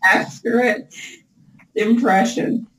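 A woman's voice: fairly high pitch, steady tone, slow, distant mic, crowd noise. A woman co-hosting a casual chat, chiming in with short, amused comments. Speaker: co-host. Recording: roomy echo.

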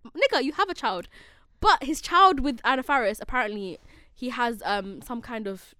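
A young woman co-hosting a casual pop-culture chat, expressive and slangy, laughing often. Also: fairly high pitch, normal speed, clear, resonant tone, no echo, clean studio sound. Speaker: podcast co-host.

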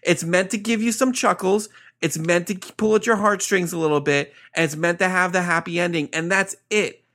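A high, bright male voice that talks in a measured way while he argues the other side in a relaxed movie chat. He sounds steady and reasoned rather than heated. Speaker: podcast co-host. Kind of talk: casual movie review chat.

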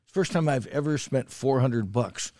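A man's voice: mid-range voice, measured pace, warm tone, no echo. Rambling chatty man, dry studio sound. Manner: rambling, many restarts and fillers, swears for emphasis. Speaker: podcast co-host, food critic. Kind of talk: casual chat.

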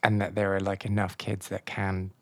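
A man's voice: deep voice, completely flat delivery, normal speed. A man hosting a casual interview, asking questions with playful, jokey interjections. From outside the USA. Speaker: podcast host, interviewer.

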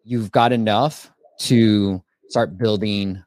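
A man's voice: lowish voice, steady tone, takes it slowly, a little mellow, no echo. A man hosting a casual live stream, reviewing apps and giving advice in a chatty way with lots of fillers.

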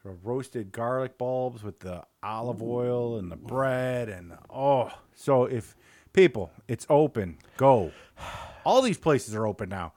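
With a Chicago accent, this Northwest Indiana man co-hosts a casual beer-tasting podcast, animatedly rambling about local restaurants he wants to plug. His mid-range voice moves at a slow pace, and the recording has no echo.

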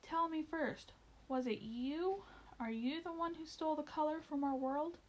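Woman doing a high squeaky brave storybook mouse, crying out urgent. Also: a little slow. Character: brave small male mouse, pleading. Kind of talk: storybook reading.

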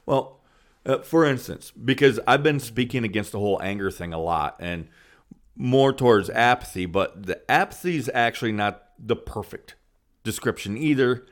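A man's voice: mid-range voice, animated, moderate pace. A man co-hosting a podcast, in blunt, emphatic casual chat, swearing freely.

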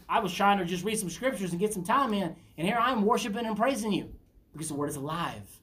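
A woman's voice: medium pitch, expressive, fast, a bit bright. A middle-aged woman teaching a Bible study in an earnest, conversational preaching style, often asking her listeners questions.

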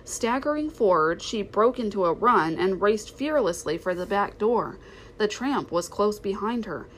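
A woman's voice: medium pitch, unhurried, slight background noise, rough recording. Woman reading a storybook aloud. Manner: expressive, steady. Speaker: reader.

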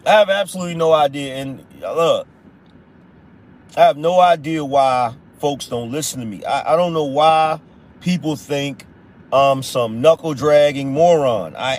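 A man hosting a live-stream political podcast, talking in a mocking, repetitive way, and now and then breaking into shouts and slang aimed at his chat. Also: a little high. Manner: slangy, addresses chat as y'all and brother. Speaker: podcast host.

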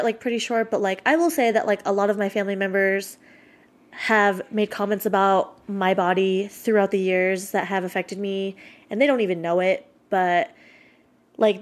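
Chatty, swearing woman in her twenties. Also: medium pitch. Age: 20s. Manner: candid, swears freely, many "like" fillers. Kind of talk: casual chat.

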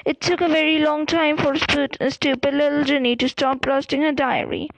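A woman voicing a calm, manipulative young male wizard in a storybook reading, speaking softly and slowly with quiet menace. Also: high voice, vocal fry, noisy background. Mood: calm menacing. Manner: soft, calm, slow and pleasant with menace.

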